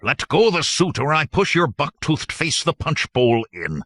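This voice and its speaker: A man voicing a swaggering con man in disguise, laying on a thick, rich put-on accent and growling his boasts. The reading is low in pitch yet swoops widely, and the recording is dry and close. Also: big pitch swings, normal speed, a bit bright, no room sound, full character voice. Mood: gruff. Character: swaggering con man posing as a provincial noble. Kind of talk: audiobook character reading.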